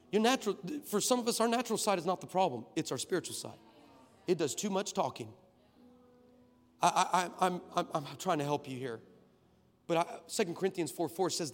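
Man, preacher, high voice, animated sermon storytelling, comic asides, long hall reverb.

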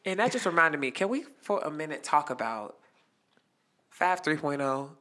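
A young man telling a lively story as a guest, acting out the quotes. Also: a little high, moderate pace. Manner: animated, acts out quotes. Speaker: guest performer. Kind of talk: casual storytelling.

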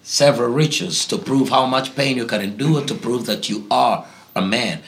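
A man's voice: mid-range voice, normal speed. A man from Africa, a pastor answering interview questions in a preaching tone, emphatic and fond of repeating key phrases. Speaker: guest pastor.

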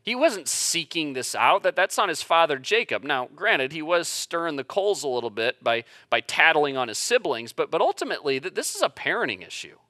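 Male pastor, thirties, preaching. Bright, slightly high voice, chatty with stammered restarts, dry close sound. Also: big pitch swings, fairly quick, few pauses, no room sound. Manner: conversational, frequent stammered restarts, builds to emphatic peaks. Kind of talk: sermon with personal stories.

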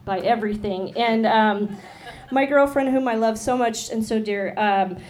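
A woman's voice: on the high side, normal speed, a little mellow. A young woman performing a rambling, self-deprecating stand-up set with lots of ums and giggles. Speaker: stand-up comedian. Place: club stage with audience.

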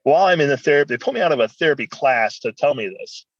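A man as a guest, telling a personal story in an animated, rambling way. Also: fairly high pitch, fast talker, breathy edge, no room sound, muffled recording.

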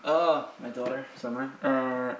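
A man co-hosting a casual podcast, chatty and quick to laugh, calling himself a loud person. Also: medium pitch, steady tone. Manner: laughs often, self-described loud person. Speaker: podcast co-host. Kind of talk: casual chat. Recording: echoey room, faint hiss.

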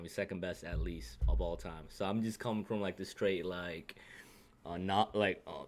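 A man co-hosting a casual sports podcast, animated and profane, breaking into laughter often. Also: low-pitched. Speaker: podcast co-host.

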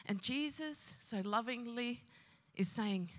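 A woman's voice: on the high side, slow pace. A woman pastor preaching a sermon with emphasis, repeating her key phrases. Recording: long hall reverb.

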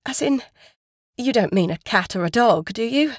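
A woman voicing a high-strung female estate agent who talks in shrill, rising questions. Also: animated, moderate pace, no room sound, studio quality. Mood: shocked, panicky.

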